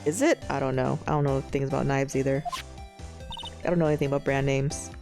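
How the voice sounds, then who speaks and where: A woman's voice: extremely low pitch, fairly even intonation, fairly quick, gravelly, music in the background. A young woman streamer giving casual, rambling commentary while playing a game. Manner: musing, rambling, many fillers. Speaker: let's play streamer.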